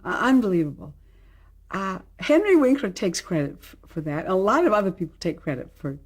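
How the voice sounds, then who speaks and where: An older actress in an archival interview, telling an animated anecdote and acting out the people she quotes. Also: mid-range voice, a little fast. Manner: animated storyteller, acts out quotes. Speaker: actress recalling a role.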